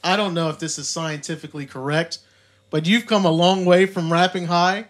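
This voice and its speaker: A man's voice: a little high, fairly quick. A man co-hosting a podcast, chatting casually and mimicking people in the stories he retells. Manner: animated, mimics others in retold stories. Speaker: podcast co-host. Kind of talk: casual chat. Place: recording studio.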